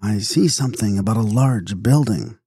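A man voicing a stout, tipsy middle-aged fortune-teller woman who repeats herself in a slow drawl. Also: lowish voice, mellow, breathy edge, dry recording, studio quality. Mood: droning. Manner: drawling, repetitive.

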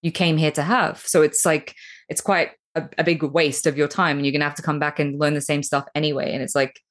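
A woman with a notably low voice talks as a podcast guest. She is blunt and emphatic, and she swears without hesitation. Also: little pitch movement, brisk. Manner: frank, emphatic, swears freely. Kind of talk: candid spiritual conversation.

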